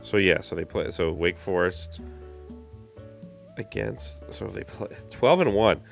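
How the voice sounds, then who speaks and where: A hoarse man co-hosting a podcast, chatting casually and joking through a trivia game. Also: low voice, a little slow, soft background music. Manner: loose, joking, animated. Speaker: podcast co-host.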